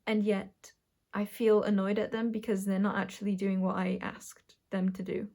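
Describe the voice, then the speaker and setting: A woman giving a collective tarot reading, musing and halting as she draws cards and talks through what she senses. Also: medium pitch, flat delivery, dark tone. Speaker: tarot reader.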